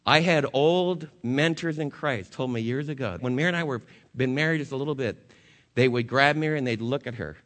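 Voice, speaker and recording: A male pastor preaching a sermon and leading a closing prayer, earnest, rising to emphatic peaks and then dropping soft. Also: medium pitch, a little fast.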